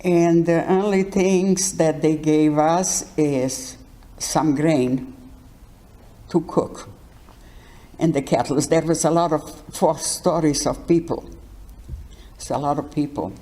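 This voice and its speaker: An older woman giving her life testimony in an interview, speaking haltingly and often restarting words. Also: sits low, fairly even intonation, warm tone. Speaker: Holocaust survivor interviewee.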